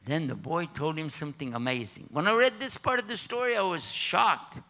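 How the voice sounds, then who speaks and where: An older preacher with a slightly high voice talks at a moderate pace in a mosque hall. His sermon unfolds as a story, full of jokes with the audience and animated impressions of its characters.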